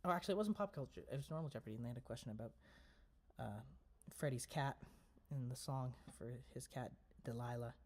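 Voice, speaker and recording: A man's voice: mid-range voice, fast, darkish tone. A man hosting a casual home livestream, chatting playfully in rambling asides between a cappella songs. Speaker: livestream host.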